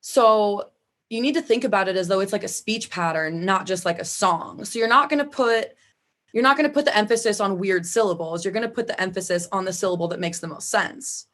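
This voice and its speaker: A woman's voice: medium pitch, a little fast, a bit bright. A woman from the Chicago area with a Midwestern accent, chatting as a guest about singing, full of "like" fillers. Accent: Midwestern American. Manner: chatty, frequent "like" fillers, laughs easily. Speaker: vocalist guest. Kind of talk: casual interview chat.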